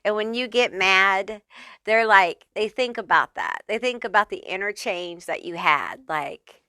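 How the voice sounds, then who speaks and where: This tarot reader speaks at a measured pace in a mid-range, pushed, bright voice, giving a laid-back pick-a-card reading. Chatty and affirming, she reassures the listener, curses without hesitation, and often drops in "okay?" or "honey." The sound is dry and studio-clean.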